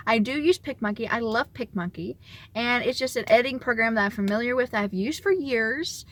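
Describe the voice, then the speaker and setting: A young woman vlogger telling a story in a casual, animated way, often laughing as she talks. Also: on the high side, brisk.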